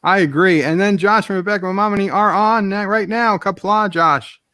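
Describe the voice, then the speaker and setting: A man's voice: sits high, moderate pace, bright, forceful tone, smooth, no echo. Easygoing male livestream host, dry sound. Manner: easygoing, reads viewer comments aloud. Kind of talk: casual livestream chat.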